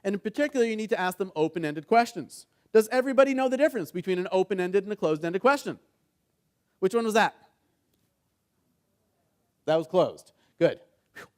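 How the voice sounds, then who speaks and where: A middle-aged man who works as a mediator, giving a conference workshop on negotiation. He keeps checking in with the audience and acts out the conversations in his examples. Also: high voice. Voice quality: engaging, keeps asking the audience "right?". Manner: animated storytelling, acts out quoted dialogue.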